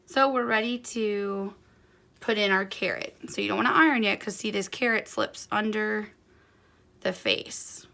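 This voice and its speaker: A woman's voice: mid-range voice, steady tone, normal speed, gravelly, bright, forceful tone. A woman giving a hands-on quilting tutorial, chatty and encouraging as she talks through each step while working. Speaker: quilting instructor.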